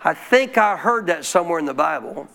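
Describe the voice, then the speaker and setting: A man with a high voice preaches a sermon to his church. He keeps calling out questions to the people in the pews, checking that they are still listening. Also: animated, a little fast, gravelly, bright, forceful tone. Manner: calls out questions to the congregation. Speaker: pastor.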